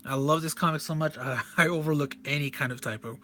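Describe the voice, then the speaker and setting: Over soft background music, a man with a fairly high, pushed, bright voice talks fast while reviewing a comic. He goes through it casually and eagerly, rambling and frequently correcting himself.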